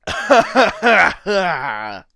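A young man giving goofy, rambling solo commentary over a video game, now and then breaking into loud silly shouting. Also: sits high, big pitch swings, very slow, gravelly, no room sound, clean studio sound. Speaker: gameplay commentator. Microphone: desk microphone.

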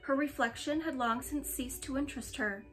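A woman reading a novel aloud in a gentle, even storytelling manner. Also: high-pitched, moderate pace. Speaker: storybook reader.

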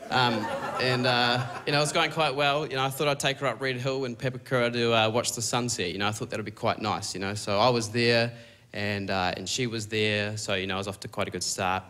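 A young man with a New Zealand accent doing a stand-up comedy set, deadpan and halting, with many fillers. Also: mid-range voice, crowd noise. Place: comedy stage before a laughing audience. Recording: clear audience noise behind.

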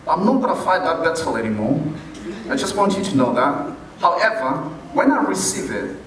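A man preaching a sermon as pastor, deliberate and playful, chuckling as he makes his points. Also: fairly high pitch, big pitch swings, a little hiss or hum. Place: large church hall. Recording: very echoey hall, mic far off.

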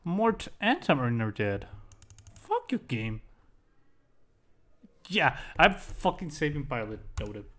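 A young man commentating his own gameplay live, joking and swearing excitably. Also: medium pitch, slow, pauses often. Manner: excitable, swears often, jokey. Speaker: streamer.

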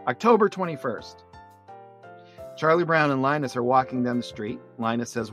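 Middle-aged male podcast host, animated reader of comic strips, medium pitch, faint music underneath. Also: moderate pace. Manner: animated narration, frequent laughs. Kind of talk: reading comic strips aloud.

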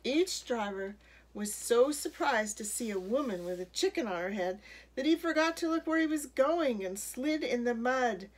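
A woman with a high-leaning voice reads a picture book for children with expressive, deliberate storytelling, and a faint hiss or hum sits in the audio.

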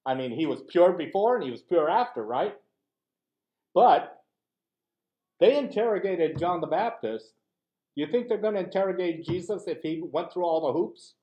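A male teaching pastor leads a Bible class in a lively, conversational way, with his pitch swinging widely. His voice sits a bit high for a man. He keeps asking his listeners rhetorical questions and acts out little quoted exchanges as he goes. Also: normal speed, long pauses. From United States.

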